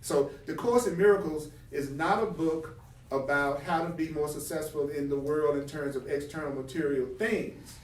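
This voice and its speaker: A man's voice: on the high side, normal speed, recorded from a distance. A man teaching from a spiritual text, reading passages aloud and then explaining them with rhetorical questions and acted-out examples. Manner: animated, acts out example dialogue. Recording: roomy, from the mic.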